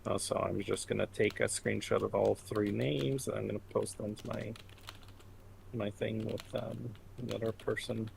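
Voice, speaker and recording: A man's voice: lowish voice, flat delivery, moderate pace, gravelly, a little mellow, slight background noise. A man from Canada chatting casually as game master before a tabletop session, mumbling at times and swearing freely when he rants.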